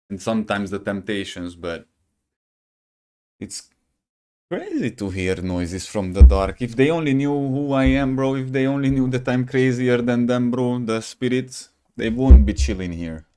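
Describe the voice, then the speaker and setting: Rambling young man streaming, slightly low voice. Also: measured pace, mellow, clear, resonant tone. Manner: rambling, jokey, says "bro" a lot, bursts of laughter. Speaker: gaming streamer. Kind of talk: casual live-stream chat.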